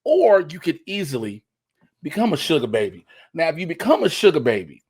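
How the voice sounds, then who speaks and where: A man with a husky voice in casual comedic podcast banter, animated and jumping into loud joke voices. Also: on the high side, brisk, a little hiss or hum.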